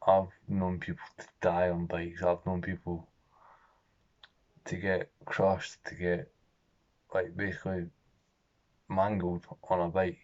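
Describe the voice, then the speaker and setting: A young man with a very low, gravelly voice that stays flat and monotone as he tells a personal story. He talks in a halting, raw, swear-laden way, heard on a dull, lo-fi recording. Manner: halting, profane, emotionally raw. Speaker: vlogger.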